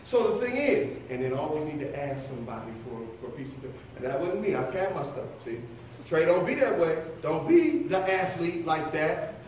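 A middle-aged man with a high, light voice delivers a loose, conversational sermon, teasing his listeners and calling on them by name. He sounds far from the mic in a very echoey church, with a faint hiss underneath. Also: big pitch swings, normal speed, a little mellow. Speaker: preacher. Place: church sanctuary.

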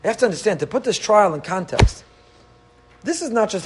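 Male rabbi type, higher-pitched, lively lecturing delivery. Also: a little fast, a little hiss or hum. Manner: animated, rhetorical questions, mixes Hebrew and Yiddish terms. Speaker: rabbi teaching the weekly Torah portion. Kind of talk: Torah class lecture.

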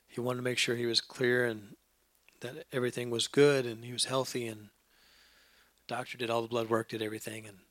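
Male pastor, sermon delivery with bursts of emphasis, bright tone. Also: medium pitch, dry recording. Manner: preaching, rising to loud emphatic passages. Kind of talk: sermon with an anecdote.

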